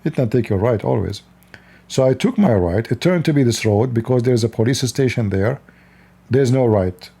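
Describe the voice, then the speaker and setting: Man, blunt lecturing host, mellow tone, mid pitch. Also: animated, normal speed, gravelly, husky. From Middle East. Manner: blunt, lecturing, laughs often. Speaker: livestream host. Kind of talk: casual advice talk.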